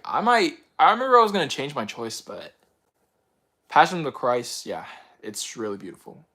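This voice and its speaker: A young man hosting his channel in casual chat, rambling excitedly and filling his talk with "like" and "bro". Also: mid-range voice, normal speed. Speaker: channel host answering viewer picks.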